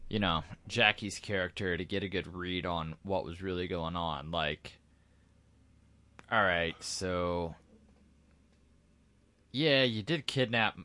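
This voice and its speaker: A man co-hosting a podcast, chatting casually about a movie in a relaxed way, thinking aloud. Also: deep voice, takes it slowly, long pauses, dry recording. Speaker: podcast co-host.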